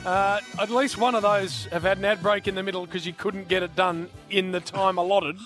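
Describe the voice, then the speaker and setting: A man's voice: sits high, steady tone, normal speed, over music. An Australian man co-hosting a radio show, teasing the quiz host with mock indignation. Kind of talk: jokey radio banter.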